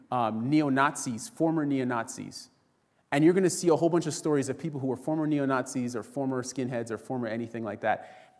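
A man preaching a sermon to a congregation, telling a story and acting out the voices of the people in it. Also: mid-range voice. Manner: storytelling, acts out quoted voices, addresses congregation as friends. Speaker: pastor. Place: church sanctuary. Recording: long reverb in a church hall.

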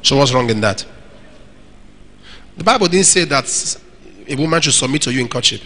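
A man's voice: medium pitch, expressive, moderate pace, sharp tone, a little hiss or hum. A middle-aged male pastor preaching in a church hall, answering questions from the congregation and acting out quoted dialogue with emphasis. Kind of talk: sermon with audience Q&A.

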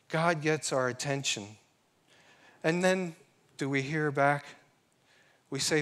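Earnest man preaching, fairly high voice. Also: fairly bright tone. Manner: earnest, slows down to sing and quote scripture. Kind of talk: sermon.

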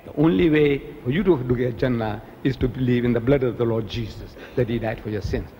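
A man's voice: mid-range voice, brisk, mellow, slight background noise. A man preaching an impassioned religious lecture, often mimicking other people in a raised voice. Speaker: Islamic preacher. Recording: reverberant hall, faint ambience.

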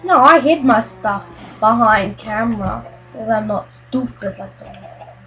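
A woman hosting a gaming video, talking through her play in a casual, excitable way and yelling when frustrated. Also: fairly high pitch, measured pace, faint music behind, poor audio. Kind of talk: casual game commentary.

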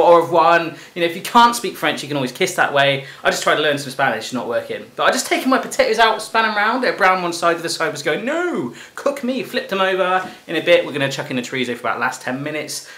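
A man's voice: a little high, bright, forceful tone. An English man hosting a playful home cooking demonstration, chatty and jokey, talking to the food as he cooks. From England. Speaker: cooking show host. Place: home kitchen.

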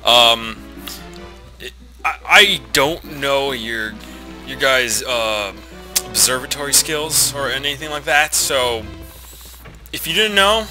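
A man's voice: mid-range voice, lively intonation, slow pace, long pauses, sharp tone. A young man with a nasal voice, rambling and swearing casually while commentating a video game he is playing. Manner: rambling, swearing, self-mocking asides. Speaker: let's play commentator. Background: game music.

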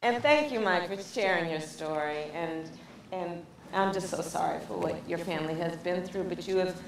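A woman's voice: lowish voice, moderate pace, creaky. A woman giving a campaign speech at a rally, thanking people by name and projecting her voice to the crowd. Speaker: political speaker at a rally. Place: large indoor event before a crowd. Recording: echoey rally audio from far off with crowd noise.

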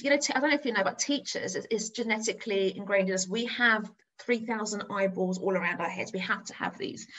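A middle-aged woman from north-west London, a teacher, giving a lively storytelling talk. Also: a little high, poor audio. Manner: animated storyteller, acts out her own excited voice.

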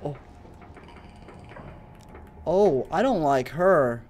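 Jumpy, excitable gamer with a lively voice. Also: mid-range voice, extremely slow. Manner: excitable, jumpy reactions and swearing; talks to themself and the game character. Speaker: let's play gamer. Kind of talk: casual gameplay commentary.

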